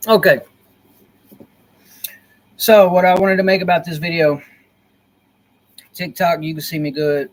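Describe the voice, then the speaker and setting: A man's voice: a little high, fairly even intonation, a little slow, pauses often. A man talking casually on a livestream from a dim corner of his room, rambling and repeating himself in an earnest, conspiratorial way. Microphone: laptop built-in mic.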